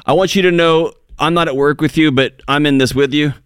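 Guy cohosting advice radio, animated storyteller, dry close mic. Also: on the high side, a little fast, clear, resonant tone, no room sound. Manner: animated storyteller, acts out quotes. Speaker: radio co-host. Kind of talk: call-in radio advice talk.

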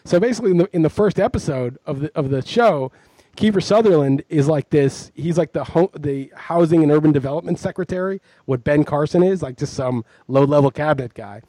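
A man's voice: fairly high pitch, brisk, mellow, no room sound. A man co-hosting a podcast in casual chat, telling long, rambling, self-mocking stories. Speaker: podcast co-host.

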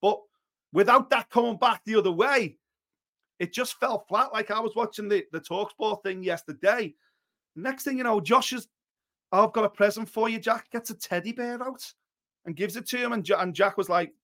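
Male co-host, higher-pitched voice, blunt and animated, swears freely in casual chat. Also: normal speed. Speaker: boxing podcast co-host.

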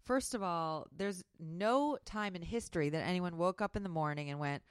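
Brief: woman author, low smooth voice, dry close mic, candid storyteller. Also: moderate pace, no room sound. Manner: storytelling, candid and self-deprecating. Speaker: author, guest. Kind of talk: podcast interview.

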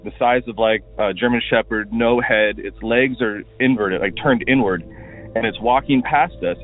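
A man from Washington State calling in to tell a rambling story, full of fillers, as a recorded voicemail. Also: on the low side. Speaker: caller. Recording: tinny phone line.

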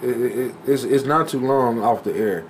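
A man trades crude jokes in a relaxed chat with friends. His pitch is ordinary, and there is faint background noise. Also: moderate pace, rough recording. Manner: profane, joking. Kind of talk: casual chat.

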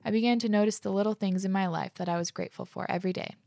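A woman's voice: medium pitch, fairly even intonation, racing, vocal fry, dark tone, no room sound, clean studio sound. A woman hosting a podcast, chatting casually and reading listener letters aloud, gushing and saying "like" often. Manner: gushing, fills speech with "like". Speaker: podcast host.

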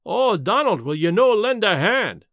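A man's voice: high voice, wildly swooping pitch, a little slow, a bit bright, dry recording, clean studio sound, heavily acted. A man reading a story voices a distraught man, wailing and pleading. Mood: sobbing.

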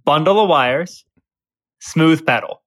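A playful man with a Northeast Pennsylvania accent co-hosts a casual podcast. His voice sits a little high for a man, and he runs his word game with a teasing grin in his tone. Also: slow pace, fairly bright tone, no room sound. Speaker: podcast co-host. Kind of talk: casual chat.

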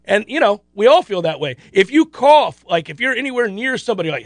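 A middle-aged man hosting a sports radio show, chatting casually and telling stories in an animated, self-deprecating way. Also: high-pitched, fast, dry recording. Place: radio studio.

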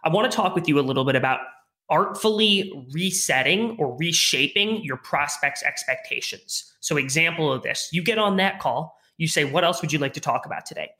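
A man's voice: a little high, lively intonation, moderate pace, pushed and bright. A man co-hosting a sales podcast, asking the guest questions in a conversational way. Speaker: podcast co-host. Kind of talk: casual podcast interview.

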